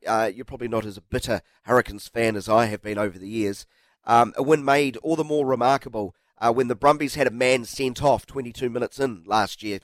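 A man with a New Zealand accent hosting a sports radio show, sounding nasal and blocked up from a cold, animated and teasing. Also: medium pitch, no room sound. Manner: animated, teasing, self-mocking. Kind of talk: casual sports radio chat. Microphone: studio microphone.

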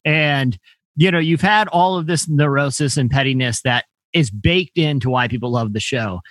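A man's voice: medium pitch, normal speed, fairly bright tone, no echo. A man in casual conversation who laughs often and talks in restarts and fillers. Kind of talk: casual chat.

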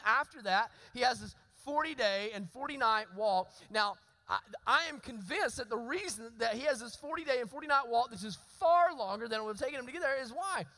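A man preaches in a high, bright voice, with a long hall reverb around him. He talks in a conversational way, repeating his phrases for emphasis and asking the congregation questions as he goes. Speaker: pastor. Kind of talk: sermon. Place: church sanctuary.

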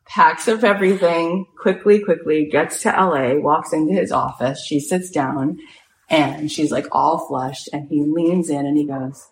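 A woman with a low-pitched voice, telling a story in an animated way. She acts out the quoted voices and builds to excited emphasis. Faint ambience hums behind her. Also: a little slow, vocal fry, a little hiss or hum. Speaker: speaker retelling a story.

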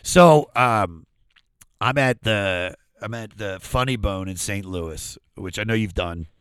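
A man, a comedian guest, telling a story in casual chat, animated and laughing often. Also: on the low side, slow, clear, resonant tone, no echo.

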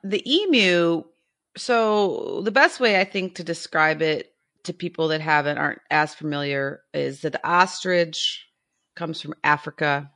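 Bright-voiced, chatty woman co-host. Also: deep voice, unhurried. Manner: enthusiastic, chatty, laughs often. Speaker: podcast co-host. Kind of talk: casual chat.

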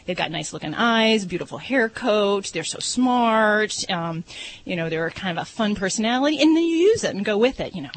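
Radio vet, woman, easygoing explainer, mid-pitched. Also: expressive, normal speed, rough recording. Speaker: veterinarian, show regular. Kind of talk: casual radio chat, explaining.

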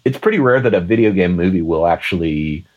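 Very deep-voiced husky man chatting. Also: fairly quick, dull audio. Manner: animated, rambling with restarts and laughs. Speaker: podcast co-host. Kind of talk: casual chat.

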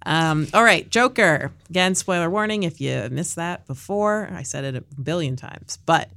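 A woman hosting a podcast in casual chat, animated and leading the segment, with frequent fillers. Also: on the low side, normal speed, creaky. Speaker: podcast host.

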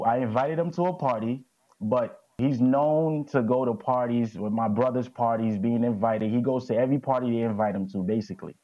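A man's voice: medium pitch, dark tone, highs cut off. A man testifying as defendant in court, answering in a dismissive, matter-of-fact way.

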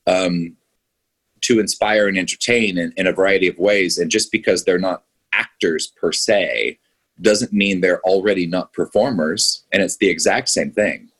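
Low husky guy, film director gushing away on a podcast, lots of restarts. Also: normal speed, fairly bright tone. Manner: enthusiastic, rambling with restarts. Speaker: filmmaker guest. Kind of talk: casual podcast interview.

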